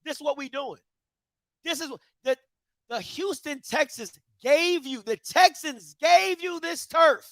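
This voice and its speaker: Male commentary host, very high voice, dry close sound, emphatic preacher-style rant. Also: measured pace, a bit bright, dry recording. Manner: emphatic, repeating rhetorical questions to viewers; preacher-like call-and-response cadence.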